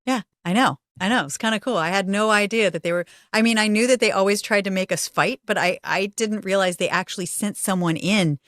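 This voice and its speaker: A woman's voice: medium pitch, fairly quick, few pauses, a bit bright, dry recording, studio quality. A middle-aged woman co-hosting a podcast, chatty and giggly, often restarting her sentences. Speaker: podcast co-host. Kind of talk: casual podcast chat.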